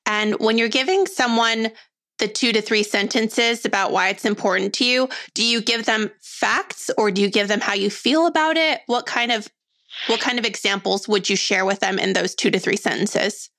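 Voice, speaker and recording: A woman's voice: mid-range voice, moderate pace, a bit bright. A woman hosting a podcast interview, asking questions in an eager, encouraging way. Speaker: podcast host.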